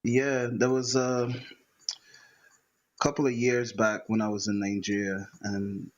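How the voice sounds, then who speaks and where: A man, a writer-musician talking reflectively in a conversation and pausing often with fillers. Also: lowish voice, monotone, lo-fi sound. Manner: hesitant, many fillers and restarts.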